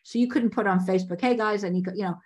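Animated woman telling a work story. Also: medium pitch, fast talker. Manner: animated, acts out quoted voices. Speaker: casting director. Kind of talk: storytelling in a podcast interview.

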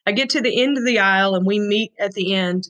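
Woman in her 40s, podcast guest, earnest and frank, moderate pitch, storytelling. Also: fast talker, a bit bright, rough recording. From Tennessee, USA. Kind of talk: heartfelt storytelling.

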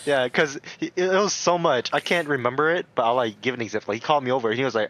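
A man's voice: mid-range voice, quick pace, fairly bright tone. A young man telling funny stories in a casual chat, laughing often as he talks.

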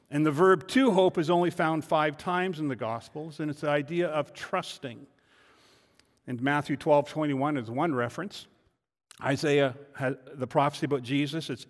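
High-voiced pastor preaching in reverberant hall. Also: male voice. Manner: builds from quiet reflection to loud emphatic declarations; rhetorical questions answered in turn. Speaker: lead pastor. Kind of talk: sermon. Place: church sanctuary.

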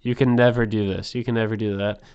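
A man's voice: lowish voice, level tone, quick pace, a little mellow, clean tone, muffled recording. A man hosting a podcast, delivering a rambling, crude and provocative comedic monologue. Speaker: podcast host.

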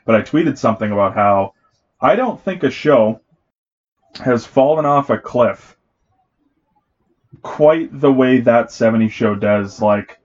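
A man's voice: mid-range voice, darkish tone, highs cut off. A man co-hosting a podcast in casual chat, rambling and restarting his sentences with lots of fillers. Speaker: podcast co-host.

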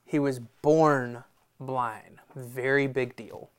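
A pastor delivers a sermon in a relaxed, conversational way. He keeps to a middle pitch. He tells stories and mixes in small asides. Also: extremely slow. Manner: conversational, storytelling with voiced quotes and laughs.

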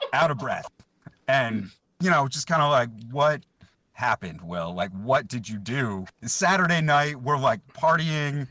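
A young man chats as a podcast guest, rambling through an old story and laughing along the way. His voice is bright and clear, recorded dry and close. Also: medium pitch, no room sound. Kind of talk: casual podcast chat.

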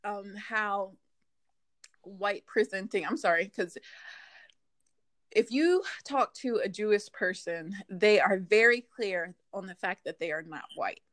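A woman co-hosting a casual chat, sassy and quick with retorts, reading comments aloud. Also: medium pitch, fairly bright tone.

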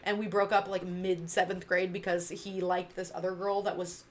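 A woman from Northern California telling animated childhood stories in a casual chat, acting out quotes with loud bursts. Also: on the low side, normal speed. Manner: animated, acts out quotes with loud laughing outbursts.

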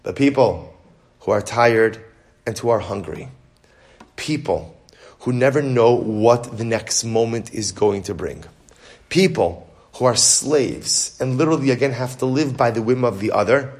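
With a medium-pitched voice, a man lectures animatedly in a Torah class, asking questions and then answering them. His delivery is bursty and fast, with many restarts.

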